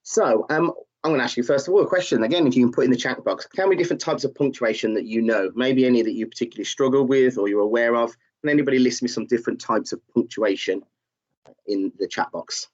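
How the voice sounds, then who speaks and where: A man's voice: mid-range voice, fast talker. A man teaching a live online lesson, encouraging learners and reading out their chat answers, with many fillers. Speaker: tutor. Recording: slightly dull, muffled audio.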